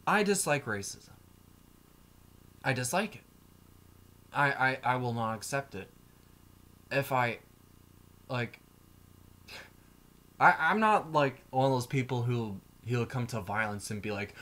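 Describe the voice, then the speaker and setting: Male YouTuber, own voice at a middle pitch, ranting to camera in a heated, swearing, rambling way. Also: lively intonation, unhurried, pauses often, sharp tone. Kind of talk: emotional vlog rant.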